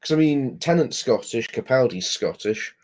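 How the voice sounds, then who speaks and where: A man with a middle-pitched voice in easygoing podcast chat. He asks lots of questions and stumbles over his words now and then. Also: expressive, moderate pace. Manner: inquisitive, trips over words. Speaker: podcast co-host. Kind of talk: casual chat.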